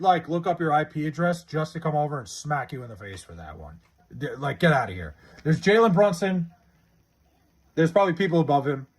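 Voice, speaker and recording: A man with a slightly rough, a little high voice is live streaming and reading his chat. He talks casually with viewers, rambling and swearing freely while arguing about sports.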